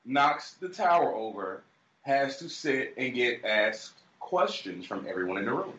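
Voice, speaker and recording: A man co-hosting a podcast, telling a story in casual chat with lively, acted-out quotes. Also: mid-range voice, a little slow, reverberant, dull audio. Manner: animated storyteller, shouting out quoted lines. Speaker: podcast co-host.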